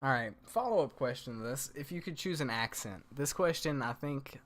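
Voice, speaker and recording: A man's voice: medium pitch, lively intonation, moderate pace, a bit bright. An American man hosting a casual round-table chat, rambling and laughing often. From United States. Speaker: podcast host.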